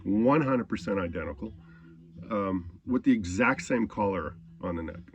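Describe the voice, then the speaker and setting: A man's voice: sits low, animated, normal speed, muffled recording. A man telling a personal story in a rambling, profane, laid-back way. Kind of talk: casual spoken anecdote.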